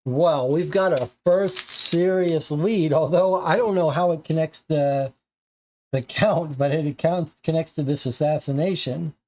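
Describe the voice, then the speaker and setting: A player reading aloud and thinking out loud through a cooperative detective board game. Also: medium pitch, measured pace. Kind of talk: narrating and musing over a co-op board game.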